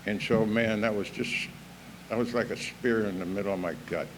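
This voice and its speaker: A man's voice: fairly low pitch, steady tone, moderate pace. Older male recovery speaker, folksy storyteller, faint hall hum. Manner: folksy, earthy storytelling with "man" and "you know". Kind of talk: personal recovery talk, storytelling. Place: evening recovery meeting hall, live audience.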